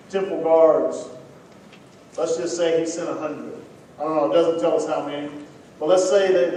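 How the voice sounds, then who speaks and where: A man with a Texan accent preaching a sermon as pastor, telling stories in a conversational way and dropping to quiet emphasis. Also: on the high side. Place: church sanctuary. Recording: echoey church from far off, faint noise.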